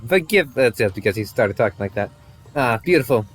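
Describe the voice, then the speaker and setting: A man streaming a game live, reacting out loud in an animated way. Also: medium pitch, brisk, soft background music. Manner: animated, laughing, reacts aloud. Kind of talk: live gaming commentary.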